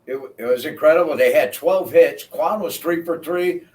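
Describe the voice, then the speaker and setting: A man co-hosting a sports podcast, telling stories in animated casual chat and often saying "man". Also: a little high, moderate pace, far from the mic. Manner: animated storyteller, peppers talk with "man". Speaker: podcast co-host.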